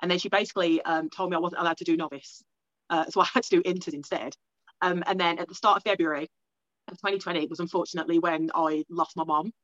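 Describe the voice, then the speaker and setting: A young woman from England telling a long personal story as an interview guest, rambling quickly with lots of "like" and acted-out self-talk. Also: fairly low pitch, steady tone, fairly bright tone, no room sound, muffled recording.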